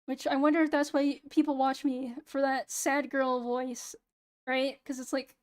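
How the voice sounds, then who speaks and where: A young woman streaming casually, talking in a flat, low-energy, near-monotone way, with a hoarse voice and a sound like she is close to crying. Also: slow pace, long pauses. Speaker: VTuber streamer. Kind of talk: casual late-night stream chat.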